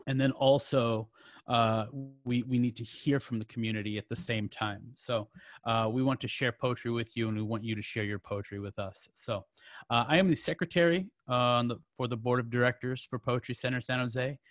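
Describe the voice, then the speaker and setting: A man's voice: mid-range voice, fairly even intonation, normal speed, fairly bright tone, dry recording. A man hosting a poetry open mic over a video call, chatty and joking, with many fillers and restarts.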